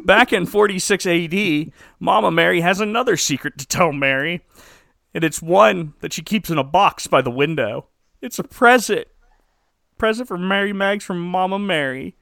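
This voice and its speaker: A man's voice: sits high, normal speed, gravelly, bright, forceful tone, no room sound, studio quality. A man hosting a podcast, giving a wry, joking recap with chuckles in a casual comedic style. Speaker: podcast host.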